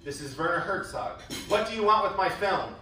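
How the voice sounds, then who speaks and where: A man imitating a gruff, angry-sounding filmmaker with a German accent, in an echoey hall. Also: high voice, expressive, normal speed, pushed and bright, far from the mic, soft background music, voice pushed up. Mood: stern.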